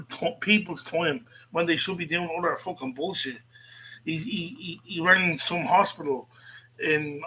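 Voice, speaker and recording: A man's voice: a little high, bright, forceful tone, slightly rough, rough recording. An Irish man hosting, ranting angrily and swearing a lot, often repeating himself. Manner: angry, profane, repetitive. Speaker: host. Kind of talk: heated online rant.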